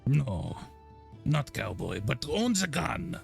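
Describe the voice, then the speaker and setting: Brief: man doing a fidgety blind lizard-folk trader, drawn-out gravelly delivery. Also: mid-range voice, very animated, faint music behind, exaggerated voice. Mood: smug. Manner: slow, drawn-out, fidgety and creepy. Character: blind boastful male lizard-folk merchant.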